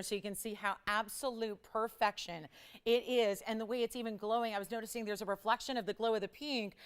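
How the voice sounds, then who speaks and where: Bright-toned chatty woman shopping host. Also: mid-range voice, clean tone. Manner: chatty and enthusiastic, with quick asides and laughs. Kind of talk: live home-shopping sales pitch.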